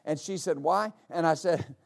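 A middle-aged male pastor telling a story in a sermon, with many halting restarts that build into emphatic declarations. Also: fairly high pitch, gravelly.

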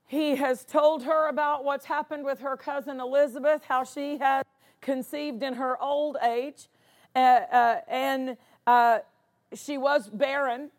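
A woman's voice: high-pitched, steady tone, a little slow. A woman pastor preaching a sermon, driving points home by repeating words for emphasis.

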